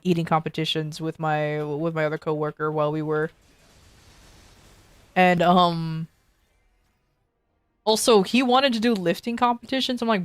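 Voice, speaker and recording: A woman's voice: fairly low pitch, no room sound. Laughing, swearing young woman streamer. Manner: rambling, swears freely, laughs often. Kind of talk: casual chat storytelling.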